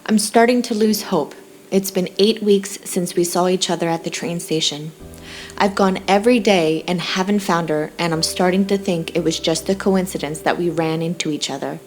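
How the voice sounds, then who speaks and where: A woman's voice: fairly low pitch, moderate pace, faint music behind, close to an everyday voice. A woman voicing a lovesick young man who narrates his chapter in first person, with a wry, defensive manner.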